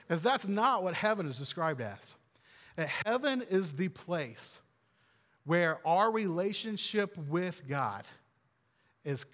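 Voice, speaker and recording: A man preaching as a pastor, his voice a touch higher than most men's. He talks in an earnest, conversational way, repeating phrases and lifting his voice to stress a point, and a long reverb trails each phrase. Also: fairly bright tone. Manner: earnest and conversational, with repetition and emphatic rises. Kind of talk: sermon.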